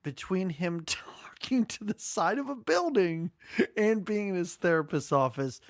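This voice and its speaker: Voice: medium pitch, expressive, measured pace, no echo, clean studio sound. A podcast co-host talking about a favorite film with open enthusiasm and frequent laughs. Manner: enthusiastic, gushing, laughs often. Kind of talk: casual movie-review chat.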